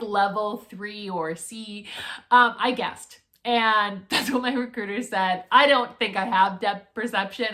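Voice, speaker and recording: A young woman vlogging, chatty and animated as she tells a story and acts out her own nervous reactions. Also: medium pitch. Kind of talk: casual storytelling to camera.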